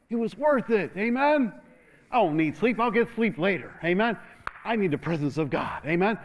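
A male pastor preaching with energy and a fairly high voice, drawing the congregation into call-and-response. He laughs often, and his voice jumps up when he pushes a point. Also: lively intonation, moderate pace. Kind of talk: sermon.

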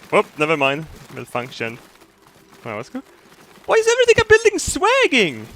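A man giving excitable gameplay commentary, laughing often and swearing freely as he builds. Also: medium pitch. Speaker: gamer.

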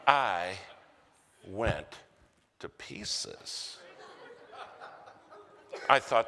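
American male preacher, lively storytelling delivery, slow unhurried pace, ringing church reverb. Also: sits low, noisy background. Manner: animated storyteller acting out quoted voices. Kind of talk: storytelling sermon. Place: church sanctuary.

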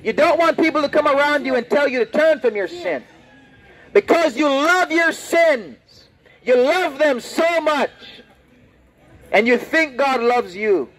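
Male street preacher, high pitched, loud and confrontational, preaching outdoors. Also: expressive, a little slow, low-quality recording. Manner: loud, confrontational, repeats his lines. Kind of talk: open-air street preaching.

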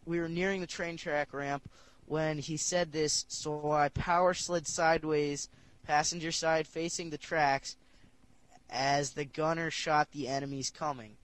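A male podcast host with a fairly high voice, chatting casually and joking as he reads out listener stories. He laughs often between lines. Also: fairly even intonation, measured pace, a bit bright, no room sound. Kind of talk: casual chat, reading listener stories aloud.

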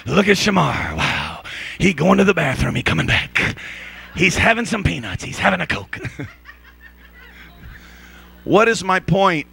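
A man's voice: high-pitched, gravelly, sharp tone, husky. A man preaching a sermon in a church, joking and laughing as he acts out voices in his stories. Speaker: pastor. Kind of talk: comedic sermon storytelling. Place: church sanctuary.

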